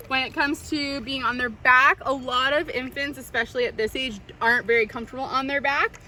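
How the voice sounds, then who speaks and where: A woman's voice: a little high, fairly even intonation, fast, bright, forceful tone, slight background noise. A young woman, a swim instructor, giving tips to parents at a pool, switching into sing-song baby talk. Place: swimming pool.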